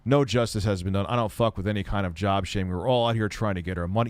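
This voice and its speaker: A man's voice: on the low side, fast talker, hardly any pauses, no room sound. A man answering viewer questions on a casual live stream, blunt and rambling, often heated and swearing.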